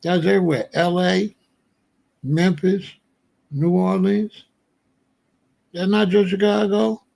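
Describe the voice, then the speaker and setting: A middle-aged man hosting a commentary show, telling a street story in a casual, animated way. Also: sits high, slow, gravelly. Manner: animated storyteller, breaks into quoted dialogue.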